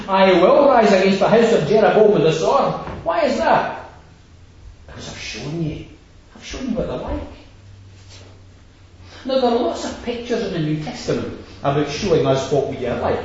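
Emphatic preacher in an echoey hall. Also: male voice, sits high, a little mellow, slight background noise. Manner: emphatic, repeats phrases for rhetorical build. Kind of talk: expository sermon. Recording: echoey hall, distant dull lo-fi mic.

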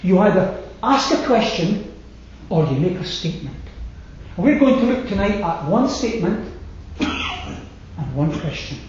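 A man preaching a sermon, slow and emphatic, letting his phrases fall away to a hush. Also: sits high, sing-song, a little hiss or hum. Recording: very echoey hall, slightly dull sound.

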